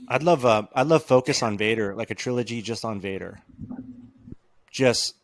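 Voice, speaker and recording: A man's voice: medium pitch, moderate pace, no room sound. Eager questioning podcast guy. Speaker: podcast co-host. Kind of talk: casual chat.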